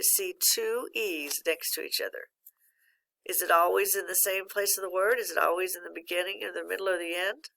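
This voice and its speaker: Lady phonics teacher, low-ish gravelly voice, patient, waits for kids to answer. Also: bright, forceful tone. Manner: patient, encouraging, pauses for student answers. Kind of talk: recorded phonics lesson.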